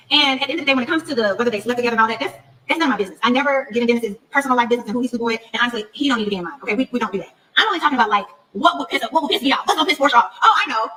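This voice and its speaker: A woman's voice: fairly high pitch, far from the mic, slight background noise, low-quality recording. A woman on a podcast, candidly telling a story and acting out the voices of the people she quotes. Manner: animated, mimics voices in retold conversations. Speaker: reality TV cast member on a podcast.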